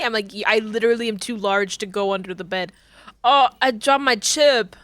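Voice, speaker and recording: A woman chats through a game stream, giggling and talking to her cat between moves. Her voice sits high and swings widely, with a bright, dry close sound. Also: lively intonation, moderate pace, no room sound. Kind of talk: casual gameplay chat.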